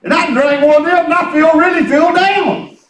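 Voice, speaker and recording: A middle-aged male pastor preaching in a folksy, repetitive way, his voice pitched very high for a man. He sounds distant from the mic in an echoey room. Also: moderate pace, a bit bright. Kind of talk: sermon.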